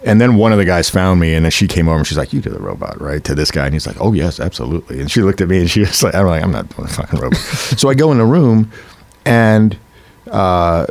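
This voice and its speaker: A man, an actor, telling a story from an audition in a casual chat, animated and quick to laugh, slipping into the voices of the people he quotes. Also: low-pitched.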